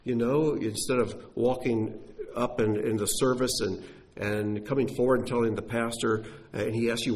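Few pauses break up this sermon, spoken by a man at medium pitch and a moderate pace. He teaches scripture animatedly, asking emphatic rhetorical questions while his voice lifts and dips for effect.

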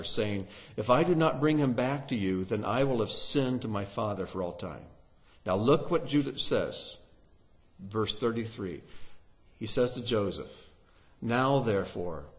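A man with a voice on the low side teaches through a Bible passage. He reads scripture aloud with building emphasis and poses rhetorical questions to his listeners.

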